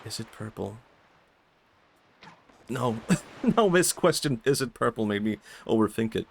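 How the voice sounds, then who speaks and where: Swedish man, streamer, casual chat, low gravelly voice, faint game music behind. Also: animated, unhurried, a little hiss or hum. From Sweden. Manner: chatty, self-questioning, laughs often.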